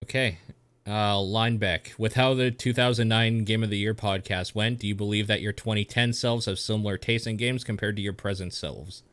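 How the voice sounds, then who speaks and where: A man's voice: fairly low pitch, fairly even intonation, normal speed, fairly bright tone, no room sound. A man co-hosting a podcast in a laid-back way, swearing casually as he talks. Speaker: podcast co-host.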